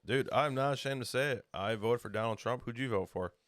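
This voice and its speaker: A young podcast co-host with a medium, fairly bright voice talks a little fast as he spins a long, jokey story during casual banter, acting out the people in it. The studio sound is clean with no echo.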